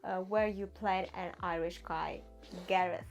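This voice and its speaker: A woman's voice: fairly low pitch, fairly even intonation, unhurried, highs cut off, faint music behind. A woman hosting an interview, giving short friendly questions and prompts. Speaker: interview host.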